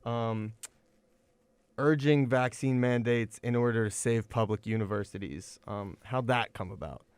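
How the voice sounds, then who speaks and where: A man's voice: mid-range voice, measured pace, a little mellow, clear, resonant tone, no room sound. A man hosting a casual podcast, chatty and friendly, asking a guest questions. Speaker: podcast host.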